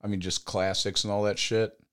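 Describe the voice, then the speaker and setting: A man's voice: lowish voice, flat delivery, fairly quick, fairly bright tone. A man co-hosting a podcast in casual chat, easygoing and self-mocking as he tells stories. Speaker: podcast co-host.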